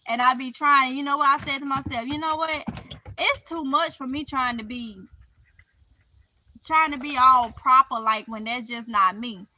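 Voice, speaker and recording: A woman's voice: high-pitched, steady tone, moderate pace, sharp tone, low-quality recording. A middle-aged woman with a Mississippi accent hosting a casual livestream, reading chat comments in a chatty, playful way with heavy Southern dialect and frequent laughs.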